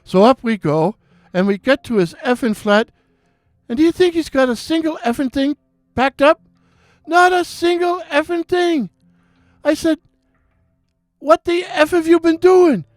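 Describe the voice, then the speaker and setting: A man's voice: extremely high pitch, measured pace, long pauses, dry recording, clean studio sound, faint music behind, voice pushed up. A man doing a fuming young Irish barman. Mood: exasperated rant. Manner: ranting, swearing constantly in minced words. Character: young Irish bartender, foul-mouthed and fed up.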